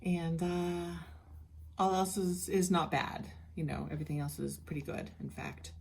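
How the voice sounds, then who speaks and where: A woman's voice: on the low side, fairly even intonation, moderate pace, vocal fry. A middle-aged woman giving a casual personal video update, chatty and candid with many restarts, sounding worn out. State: worn out and tired. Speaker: vlogger sharing a health journey.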